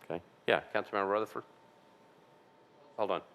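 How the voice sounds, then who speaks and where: A man with a deep, smooth, resonant voice runs a council committee meeting. He talks in a relaxed, loose way and drops in the odd joke. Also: a little fast. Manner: easygoing, joking. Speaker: vice mayor chairing a council committee. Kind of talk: casual meeting chairing.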